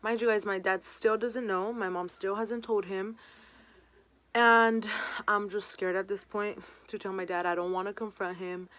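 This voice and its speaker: A woman's voice: mid-range voice, fairly even intonation, measured pace, a bit bright. A young woman vlogger telling a personal story in a casual storytime, full of "um" and "like". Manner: chatty, many fillers like "um" and "like".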